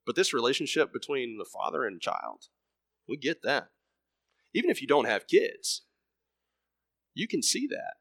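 A man in his thirties preaching a sermon, emphatic, repeating words and swinging between loud bursts and soft murmurs. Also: mid-range voice, big pitch swings, moderate pace, creaky, no echo, clean studio sound.

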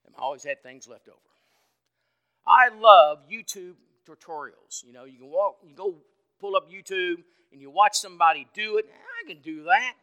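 A man preaching an evening sermon in a folksy, conversational way, asking the congregation questions and swinging from loud to soft. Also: high-pitched, normal speed, clear, resonant tone. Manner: dynamic, swings from loud to quiet.

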